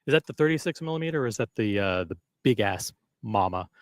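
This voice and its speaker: A man's voice: lowish voice, lively intonation, fast, dry recording. Male livestream host, casual and rambling, self-mocking, dry close sound. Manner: rambling, self-deprecating, chatty with viewers. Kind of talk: casual live-stream chat.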